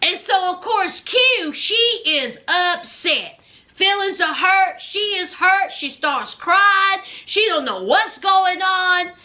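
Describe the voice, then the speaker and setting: In this clip a woman with a very high-pitched voice talks slowly while recapping a reality TV show. Her commentary is casual and chatty, and she gushes as she acts out what people said. She's an animated storyteller who performs the quotes, leaning on lots of fillers.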